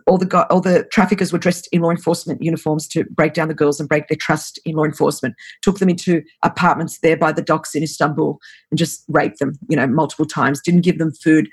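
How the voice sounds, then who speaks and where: A woman's voice: low voice, breathy edge. Brief: earnest, urgent woman in her fifties, interview storytelling, stresses phrases by repeating them. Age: 50s. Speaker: anti-trafficking ministry leader.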